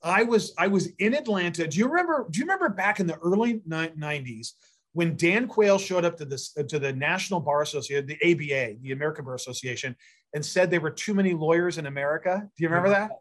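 A man's voice: fairly high pitch, lively intonation, fast talker, fairly bright tone. Rambling middle-aged man telling stories. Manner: rambling, many fillers and restarts. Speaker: guest, mayor and prosecutor candidate. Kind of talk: storytelling interview answers.

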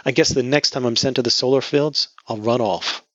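A man's voice: mid-range voice, brisk, fairly bright tone, no room sound, pitched above the performer's own voice, close to an everyday voice. A man voicing a grieving, defiant young woman. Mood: anguished. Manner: emotional, raised voice near tears. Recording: dull lo-fi audio.

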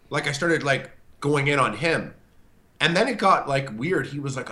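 This show host's voice runs on the high side at a normal speed. He's on a video call spinning a casual, lively story, using plenty of fillers and doing the voices of its characters.

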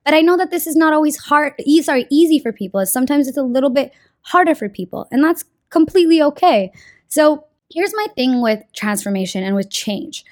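A woman's voice: high voice, animated, fairly quick, no echo, clean studio sound. A young woman talking casually and earnestly about a card of the day, with slang and swearing. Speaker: card reading vlogger. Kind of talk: casual spiritual advice monologue.

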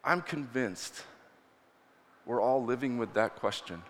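A man preaching a storytelling sermon in a church hall, earnest and animated as he tells the story. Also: medium pitch, slow pace, a little hiss or hum. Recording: reverberant hall.

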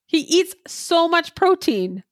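A woman's voice: very high voice, very animated, slow pace, dry recording, studio quality. A woman from Canada co-hosting a podcast, teasing her co-host bluntly in casual chat and laughing easily.

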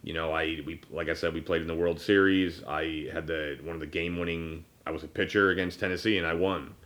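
A man's voice: low-pitched, steady tone, fairly quick, fairly bright tone. A man in his thirties hosting a casual podcast, rambling with many fillers and restarts, and at times choked up. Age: 30s. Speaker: podcast host. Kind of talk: casual personal conversation.

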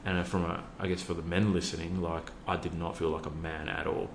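A man's voice: low voice, flat delivery, brisk, vocal fry, roomy sound, slight background noise. A man, a youth worker, telling a personal story earnestly with many fillers and restarts. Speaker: podcast guest, youth worker.

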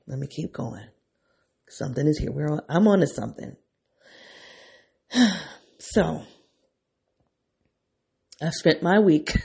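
A man talks through his thoughts on his own podcast, unscripted and excitable, often restarting and circling back. His voice sits a bit high for a man, yet it is mellow and dark in tone, with a husky, gravelly texture. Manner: thinking aloud, excitable, circling back on himself. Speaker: podcast host. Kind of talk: unscripted reflective monologue.

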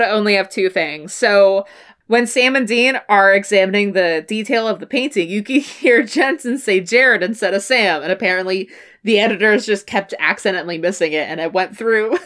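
A woman co-hosting a casual fan podcast, animated and laughing, swearing casually and acting out lines from the show. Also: medium pitch, moderate pace. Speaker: podcast co-host.

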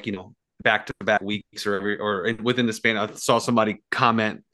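A man's voice: fairly low pitch, steady tone, brisk, sharp tone. A man on a podcast, musing loosely about film franchises with many fillers. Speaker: podcast co-host. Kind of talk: casual film discussion.

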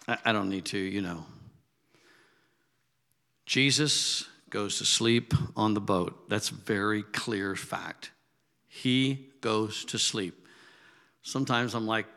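A man's voice: medium pitch, sharp tone. A man preaching a sermon in a casual, conversational way that builds to emphatic, raised peaks. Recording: long hall reverb.

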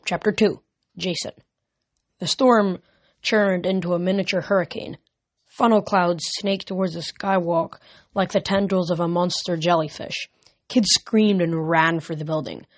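A man reading a novel aloud as an amateur audiobook, steady with small slips. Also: sits high, dry recording. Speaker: reader.

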